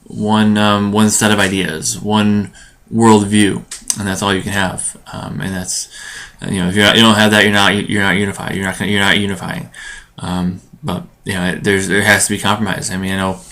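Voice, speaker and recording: A man's voice: on the low side, little pitch movement, a bit bright. A man hosting his own podcast, giving a solo commentary monologue with lots of ums and restarts. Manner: halting, full of ums and restarts. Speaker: podcast host.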